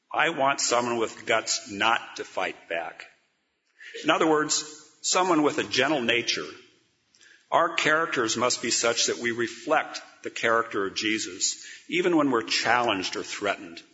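Bright-voiced man preaching a sermon. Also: medium pitch, expressive, measured pace, long reverb tail. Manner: earnest, rhetorical, reads scripture aloud. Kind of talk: sermon with dramatic storytelling. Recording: dull lo-fi recording.

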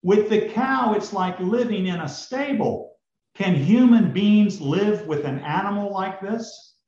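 A man's voice: high voice, expressive, a little slow, a little mellow, pitched above the performer's own voice. A man voicing a poor, desperate village father of six, pleading and exclaiming. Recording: roomy, slightly dull recording.

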